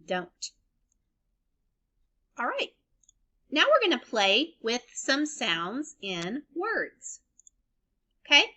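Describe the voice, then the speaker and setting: A woman teacher leads small children through a phonics lesson, stretching each sound and spelling every letter with care. Her voice is bright and fairly high, and she takes her time. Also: wildly swooping pitch. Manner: slow, deliberate spelling and sound-blending for kids. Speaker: elementary school teacher.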